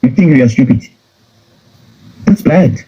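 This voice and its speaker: A man's voice: mid-range voice, animated, unhurried, warm tone, breathy edge. A man with a Zimbabwean accent delivering a heated political rant, scolding and repeating himself as he mixes in phrases from home. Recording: dull lo-fi recording.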